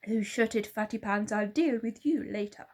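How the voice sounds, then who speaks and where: A woman's voice: on the high side, animated, extremely slow, pitched above the performer's own voice, exaggerated voice. A woman voicing a wretchedly evil male hunter, menacing and barking, for a storybook read-aloud.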